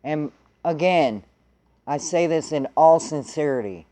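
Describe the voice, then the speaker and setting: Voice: medium pitch, unhurried, mellow. A vlogger telling a story in a blunt, heated way and swearing freely. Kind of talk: casual profane storytelling.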